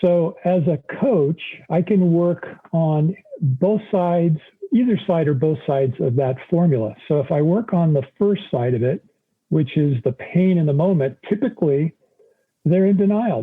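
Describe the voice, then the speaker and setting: A man's voice: a little high, lively intonation, moderate pace, breathy edge. A middle-aged man, an executive coach, explaining his methods in an interview and acting out conversations with clients. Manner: illustrates points with acted-out client dialogues. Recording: tinny phone-like line.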